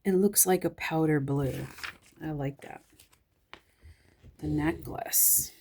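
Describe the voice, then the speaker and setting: Slow, low-voiced woman musing aloud. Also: a little hiss or hum. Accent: Southern US. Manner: relaxed, musing, thinking aloud. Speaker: magazine reviewer. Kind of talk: casual commentary.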